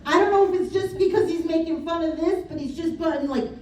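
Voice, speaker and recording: Talking quickly in an extremely high-pitched voice with a darkish tone, a psychic medium gives a live reading of spirit messages. She is casual and blunt, swears and laughs, and the recording comes from afar in an echoey room.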